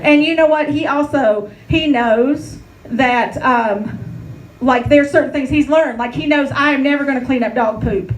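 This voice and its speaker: A woman's voice: high-pitched, moderate pace, low-quality recording. A woman in her thirties, performing a brash, profane stand-up comedy set with a chatty storytelling manner.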